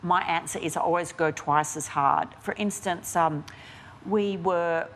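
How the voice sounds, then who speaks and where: Speaking unhurriedly in a fairly low voice, an Australian woman who works as an investigative journalist gives frank, conversational answers as an interview guest. She's animated, frequently restarting sentences and dropping in fillers.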